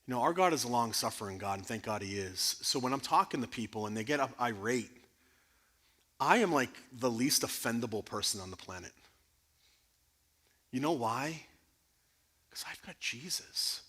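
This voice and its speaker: A man speaking as guest speaker at a church conference, answering audience questions in an earnest, animated way. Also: medium pitch, moderate pace, long pauses. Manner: earnest, animated, rising to emphatic bursts. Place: church sanctuary.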